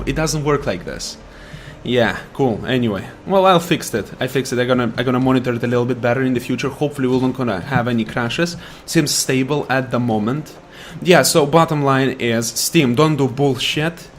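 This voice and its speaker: A man's voice: mid-range voice, normal speed, slight background noise. Sarcastic man ranting over gameplay. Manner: ranting, sarcastic, taunts enemies. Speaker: gaming YouTuber. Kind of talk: gameplay commentary with rants.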